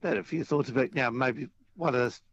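A man's voice: mid-range voice, fairly quick, creaky, a bit bright, a little hiss or hum. A man, calling in to a radio quiz and chatting casually, with lots of ums and restarts. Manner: hesitant, many fillers and restarts. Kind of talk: casual phone chat. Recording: dull phone-line sound.

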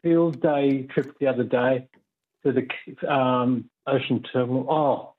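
Man on a talkback call, friendly and rambling, husky voice over a tinny phone line. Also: mid-range voice, fairly even intonation, slow. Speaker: caller. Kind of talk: casual phone-in chat.

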